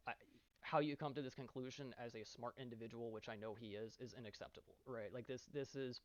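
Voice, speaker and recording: A man's voice: mid-range voice, fairly even intonation, brisk, no room sound. A man who is an esports team captain tells his side of a dispute in an earnest, aggrieved monologue, often checking in with "right?". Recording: dull, slightly muffled, dry sound.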